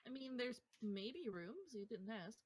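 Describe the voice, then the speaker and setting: A woman's voice: fairly high pitch, big pitch swings, measured pace, a crowd in the background. A woman acting as game master, explaining the setting in a matter-of-fact way. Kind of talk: running a tabletop game.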